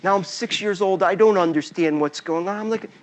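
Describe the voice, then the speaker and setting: A man's voice: sits high, brisk. A man giving a talk as a storyteller, acting out scenes and sounds as he goes. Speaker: invited speaker.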